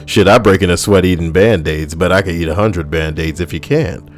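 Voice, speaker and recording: A man's voice: low-pitched, brisk. A man, hosting a casual comedy video in a crude, rambling, sardonic way. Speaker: video host.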